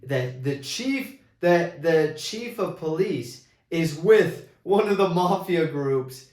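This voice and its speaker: A man's voice: on the high side, takes it slowly. Guy rambling through a movie review, restarts a lot, echoey room. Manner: rambling, many restarts, excitable retelling.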